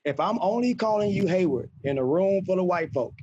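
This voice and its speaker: A man's voice: sits high, lively intonation, brisk, warm tone, husky. A man hosting a podcast, talking emphatically and with plenty of profanity in casual chat. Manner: emphatic, profane, argues his point. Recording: muffled lo-fi recording.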